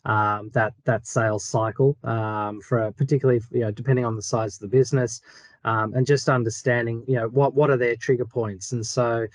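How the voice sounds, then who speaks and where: A man's voice: medium pitch, fairly even intonation, fairly quick, no echo. An Australian man answers interview questions over a video call. He talks hesitantly, with many ums and restarts. The sound is dry and close. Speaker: guest.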